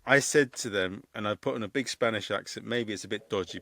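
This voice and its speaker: Low-voiced man, dry close sound. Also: brisk, hardly any pauses, fairly bright tone, no room sound. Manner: rambling, restarts questions, laughs easily. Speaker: podcast host and comedian. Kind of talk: casual interview chat.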